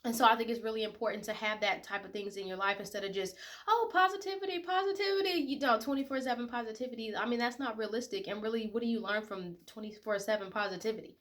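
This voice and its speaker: A woman's voice: mid-range voice, steady tone, fast talker, few pauses, fairly bright tone. A woman in her twenties talking casually and heartfelt to her viewers, emotional and full of fillers. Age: 20s. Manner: emotional, tearful at times, many fillers. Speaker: vlogger. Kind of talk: casual personal talk to camera.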